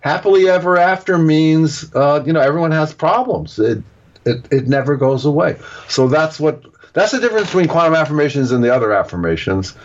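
In a casual interview with dull lo-fi audio, a male author and guest explains things at length and digressively, acting out little example quotes as he goes. His voice is on the high side, animated and a little fast.

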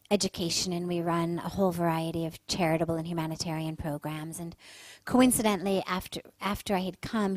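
A woman's voice: mid-range voice, a little mellow, no echo, poor audio. A woman hosting a spiritual talk show on the radio. She tells a personal story earnestly and with strong feeling.

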